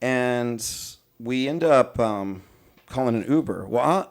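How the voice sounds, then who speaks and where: A young man hosting a casual podcast, telling a story with lots of cursing and filler words. His pitch sits in the middle for a man. He gets animated and slips into quick impressions of the people in his story. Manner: animated, profane storytelling, mimics people he quotes. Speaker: podcast host.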